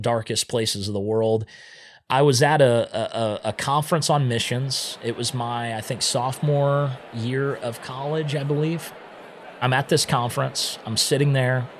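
A man telling the story of how he became a missionary in a casual, conversational way, often dropping in "man" and "right?". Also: medium pitch. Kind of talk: personal testimony storytelling. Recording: music playing underneath.

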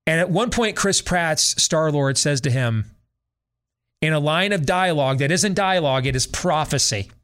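A man's voice: a little high, expressive, normal speed, fairly bright tone. A middle-aged man hosting a talk show, ranting sarcastically in a casual monologue and mimicking voices. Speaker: radio talk show host.

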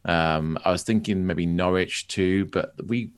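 Podcast co-host, man with a very deep voice, hesitant and filler-heavy. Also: unhurried, clean tone. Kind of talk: casual football podcast chat.

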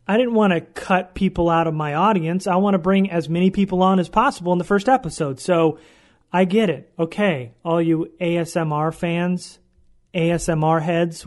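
A man's voice: high-pitched, darkish tone. A man hosting his own podcast in a casual monologue, joking and poking fun at himself as he rambles. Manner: jokey, self-mocking, rambling. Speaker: podcast host.

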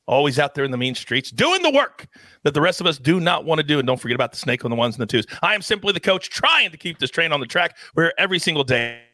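A man hosting a sports betting show with energetic, playful hype and big swings in his delivery. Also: a little high, fast talker, no echo. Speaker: host.

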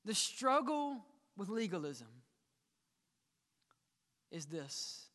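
Male pastor, high register, dramatic sermon delivery with whispered lows, long church reverb. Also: sing-song, very slow. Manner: dramatic, drops to hushed whispers and rises to emphatic peaks; addresses the congregation directly. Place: church sanctuary.

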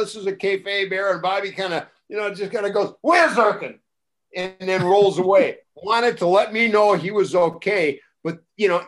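High-voiced older man telling stories. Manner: animated, acts out quoted voices with rising pitch and loudness. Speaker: guest storyteller, former wrestling broadcaster. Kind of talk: casual anecdotal storytelling.

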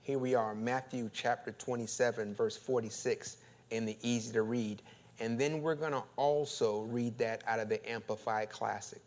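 Male pastor, sermon delivery, mid-pitched voice, big dynamic swells, repetitive build-ups. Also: fairly even intonation, moderate pace. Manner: preaching with swells of loud, high, laughing emphasis; repeats phrases and restarts when fired up.

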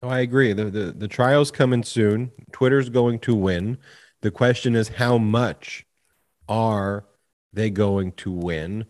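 A man co-hosting a podcast, answering in a calm, measured way. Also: on the low side. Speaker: podcast co-host. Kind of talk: casual chat.

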